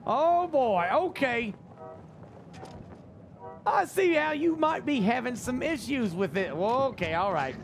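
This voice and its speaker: A man streaming a pirate game as ship captain, bossing and cheering on his crew in excitable, loud banter. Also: extremely high pitch, takes it slowly, creaky, long pauses, a little hiss or hum. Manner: bossy, excitable, yells orders at crew. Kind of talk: excited casual gaming banter. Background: game music.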